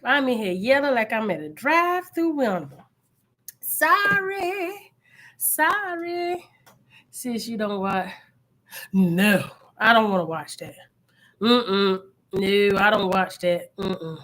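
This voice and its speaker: A middle-aged woman, hosting a casual live-stream chat with her viewers in a loud, animated, chatty way. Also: medium pitch, takes it slowly, a little hiss or hum. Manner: chatty, loud and animated, with frequent laughs and repeated phrases. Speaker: channel host.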